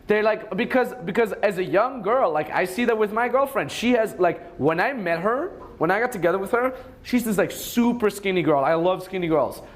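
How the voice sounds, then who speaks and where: High-voiced young man, crude and rambling. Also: lively intonation, normal speed, hardly any pauses. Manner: crude, rambling, swears a lot; acts out quoted lines in a raised voice. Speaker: dating coach. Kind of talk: casual advice talk.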